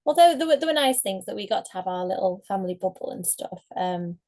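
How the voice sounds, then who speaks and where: A woman's voice: mid-range voice, expressive, fast talker, a little mellow. A woman author being interviewed, chatting casually and rambling a little with frequent laughs. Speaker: author guest.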